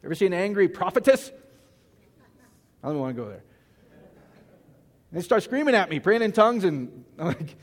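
A man's voice: sits high, sing-song, normal speed, long pauses, in a large hall. A man preaching a loose, conversational sermon, joking and quizzing the congregation as he goes. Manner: folksy, joking, asks the congregation questions. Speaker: pastor.

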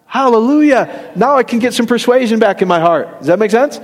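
Speaking a little fast in a very high, animated voice, a middle-aged man gives a playful, conversational sermon. He often asks the congregation questions and laughs at his own jokes, and the church hall lends the recording a long reverb.

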